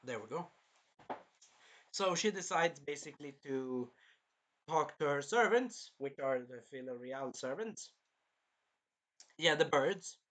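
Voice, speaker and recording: A man's voice: fairly high pitch, animated, slow pace, pauses often, a bit bright. A man giving a casual, rambling, jokey recap of an anime episode as a reviewer.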